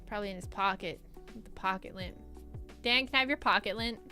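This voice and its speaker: A woman streamer chatting casually and telling stories while answering chat, animated and laughing often. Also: mid-range voice, a little fast, soft background music.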